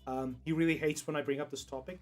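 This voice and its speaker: A young South African man talks loosely to his stream chat in a slightly high voice, drifting from thought to thought, laughing a lot and cursing without a second thought. Soft guitar music plays faintly behind him. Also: steady tone, quick pace. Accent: South African English. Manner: rambling, laughs often, swears casually. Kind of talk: casual livestream chat.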